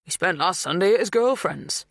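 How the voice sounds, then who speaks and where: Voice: lively intonation, normal speed, vocal fry, fairly bright tone, no room sound, studio quality. A narrator voicing an older male farmer who talks politely and apologetically. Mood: apologetic. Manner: booming, polite.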